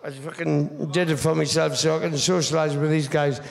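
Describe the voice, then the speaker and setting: Geordie guy in his 50s, gravelly voice, swears a lot telling stories, echoey hall. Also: on the high side, steady tone, a little fast. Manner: swearing, rambling storyteller with restarts. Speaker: guest speaker. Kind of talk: stage anecdote telling. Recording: stage mic in a reverberant hall.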